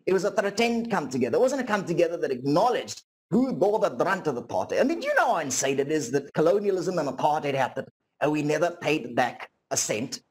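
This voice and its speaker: A ventriloquist brings to life a cheeky male puppet with a high, bouncy voice that swoops up and down. He needles and mocks in a blunt, sharp-tongued way, like a stage comedy act. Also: very animated, quick pace, husky. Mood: lecturing.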